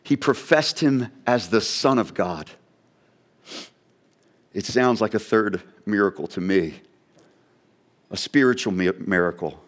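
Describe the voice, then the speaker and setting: A man's voice: lowish voice, animated, unhurried, long pauses. A man preaching a sermon, dramatically voicing an onlooker's wondering questions. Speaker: pastor.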